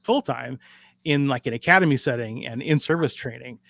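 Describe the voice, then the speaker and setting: A man's voice: medium pitch, brisk, gravelly, a bit bright. A middle-aged man from Alaska, a dispatch trainer talking as a podcast guest, easygoing and self-deprecating, with many fillers. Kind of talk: casual interview chat.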